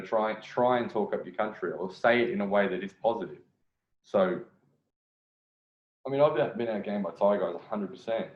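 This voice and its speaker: In a muffled recording from an echoey room, a man with a lowish voice gives casual commentary on a video as a dating coach. He's blunt and profane, frequently starting phrases over.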